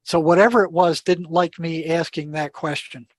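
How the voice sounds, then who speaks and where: An older man speaking as an interview guest, his voice sitting somewhat high for a man. He tells his stories with animation and acts out the dialogue, often stumbling over and repeating words. The recording is close and dry. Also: steady tone, normal speed, dry recording. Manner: repeats words and restarts sentences. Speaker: podcast guest. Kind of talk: storytelling in an interview.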